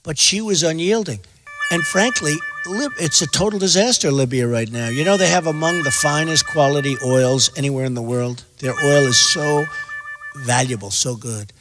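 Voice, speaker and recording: A man's voice: on the high side, normal speed, noisy background. A man giving rambling, repetitive, emphatic answers as a candidate fielding questions. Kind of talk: rambling stump-speech answers. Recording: echoey hall.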